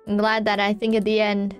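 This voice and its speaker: A woman streamer chatting casually, telling a rambling, giggly story with many restarts. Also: medium pitch.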